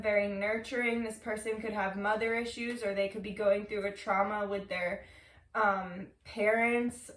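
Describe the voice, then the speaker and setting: A woman reads tarot cards in a loose, chatty way, full of filler words and easy swearing. Her voice sits a little high. She is recorded from a distance in a room with a lot of echo. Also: fairly bright tone. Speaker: tarot reader. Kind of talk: casual tarot reading to camera. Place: room, seated on the floor. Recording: echoey room, mic at a distance.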